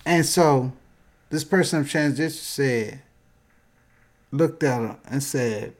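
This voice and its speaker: A man, telling a story in casual chat and acting out the quoted voices loudly. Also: medium pitch, slow.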